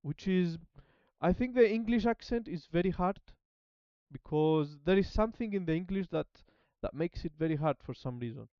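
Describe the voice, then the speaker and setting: A man chatting casually as a language-learning streamer, halting and repeating words while he searches for them. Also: sits high, expressive, clean tone, dry recording, lo-fi sound. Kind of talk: casual rambling chat.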